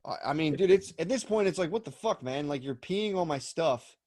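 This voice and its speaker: A man's voice: fairly high pitch, animated, a little fast, a little mellow, dry recording, studio quality. A man in his thirties, a podcast co-host, telling stories in a rambling, profane way with lots of restarts. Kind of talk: casual chat.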